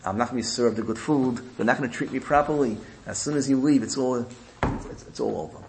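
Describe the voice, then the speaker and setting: A man playing a mistreated young princess who pleads softly with her father. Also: mid-range voice, brisk, a little hiss or hum, lightly acted, poor audio. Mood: pleading. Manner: soft, pleading.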